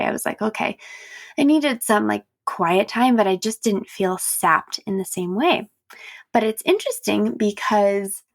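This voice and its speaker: A woman's voice: mid-range voice, creaky, no room sound, studio quality. A woman hosting her own podcast, chatting candidly and casually and laughing often. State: tired and yawning. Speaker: podcast host. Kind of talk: casual solo podcast chat.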